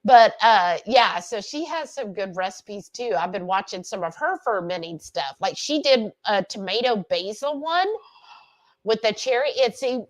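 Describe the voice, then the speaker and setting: A woman's voice: mid-range voice, lively intonation, measured pace. A woman hosting a cooking livestream, chatting casually and animatedly, reading out viewer comments and laughing often. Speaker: livestream cooking show host.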